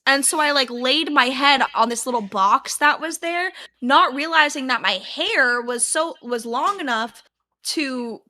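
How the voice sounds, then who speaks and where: A young woman co-hosting a podcast, telling a story in casual chat and acting out her own past yells. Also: high-pitched, a little slow. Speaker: podcast co-host.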